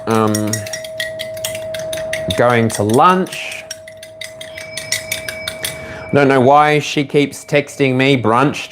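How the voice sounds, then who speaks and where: An Australian tarot reader with a mid-range voice gives a casual reading at home, talking directly to the viewer as "you." He rambles loosely with frequent fillers, and background noise can be heard.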